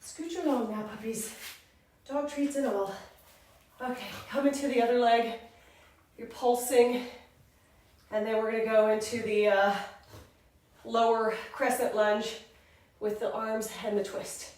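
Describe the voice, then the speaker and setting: A woman's voice: fairly high pitch, fairly even intonation, measured pace, pauses often, a little mellow, heavy reverb, distant mic, a little hiss or hum. A woman leading a pilates and yoga workout, counting reps and calling out moves while out of breath. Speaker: fitness instructor. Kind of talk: workout instruction.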